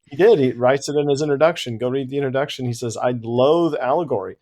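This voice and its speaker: Animated man chatting about books. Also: medium pitch, fast, a little hiss or hum. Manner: animated, laughs easily. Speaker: podcast co-host. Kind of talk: casual book discussion.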